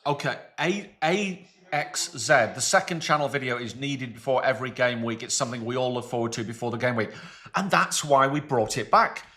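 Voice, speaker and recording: A man's voice: mid-range voice, lively intonation, brisk, bright, forceful tone. A man co-hosting a live football watchalong, chatting and calling the play as it happens. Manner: calls the match play by play between chat. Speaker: co-host.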